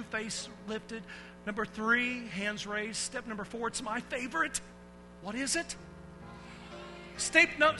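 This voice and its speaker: A very high, very bright male voice leads a children's church service. He tells animated stories and swings from a hush to a shout. His words ring with long reverb from a church hall over faint music. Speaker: children's pastor. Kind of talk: lively children's sermon with call-and-response.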